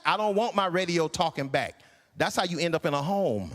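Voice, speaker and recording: A man in his sixties performing a stand-up comedy routine, incredulous and animated. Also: fairly high pitch, brisk, in a large hall. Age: 60s. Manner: animated, incredulous, acts out voices. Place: church hall stage.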